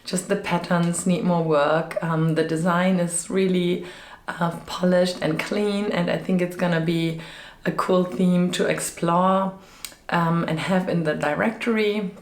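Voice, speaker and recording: A woman with a slightly low voice chats loosely to camera about her design work. She rambles, with plenty of ums and uhs, and her voice still sounds a bit off from a recent illness. She talks into a mic with a fluffy windscreen in a room with a noticeable echo. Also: steady tone, measured pace. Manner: rambling, chatty, many fillers. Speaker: web theme designer. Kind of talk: casual vlog chat. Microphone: microphone with fluffy windscreen. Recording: echoey room.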